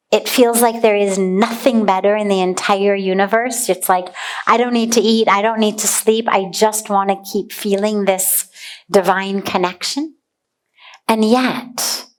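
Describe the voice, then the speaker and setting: A woman spiritual teacher speaking to her followers. Her voice sits fairly high, and she takes her time, giving weight to each word in a deliberate, earnest delivery. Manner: slow, deliberate and earnest, dwelling on single words.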